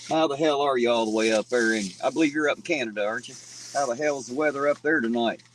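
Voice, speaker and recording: A man's voice: medium pitch, fast, a little hiss or hum, low-quality recording. Folksy man chatting on a livestream. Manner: folksy, joking, greets chatters by name; eats and talks between bites. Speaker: livestream host. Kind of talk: casual live-stream chat with viewers.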